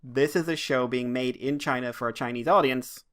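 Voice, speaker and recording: A man's voice: medium pitch, steady tone, normal speed, a bit bright. Rambling Irish man on a podcast. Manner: rambling, ranting, swears freely. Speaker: podcast co-host. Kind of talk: casual podcast chat.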